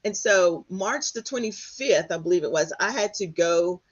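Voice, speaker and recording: A middle-aged woman from Texas, a guest telling her story in an animated way, often acting out what others said. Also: fairly low pitch, normal speed, slightly rough. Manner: animated, quotes others in lively voices. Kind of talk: storytelling in conversation. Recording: dull lo-fi sound.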